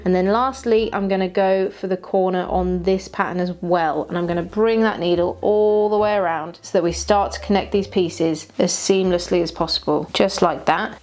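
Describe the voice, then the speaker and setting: A young woman talks through a puppet-making tutorial as she cuts and sews. She gushes about her materials, chatty and excitable, with a pitch that sits in the middle for a woman. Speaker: puppet maker, tutorial host. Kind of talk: crafting tutorial, talking while working.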